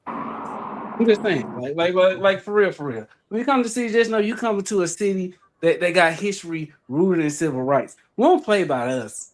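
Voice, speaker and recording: A man with an Atlanta Southern accent rants on a livestream. His voice sits high for a man, and he talks with emphatic, profane energy, circling back and repeating words as he builds his point. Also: lively intonation, moderate pace. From Atlanta, Georgia. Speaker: livestream guest. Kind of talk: heated livestream rant.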